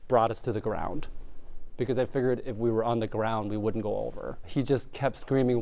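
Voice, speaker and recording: A man's voice: medium pitch, steady tone, fairly quick, vocal fry, warm tone. A young adult man from Vietnam, earnest and reflective, recounting what happened to him in an interview. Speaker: interviewee, local prosecutor. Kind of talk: emotional first-person recounting.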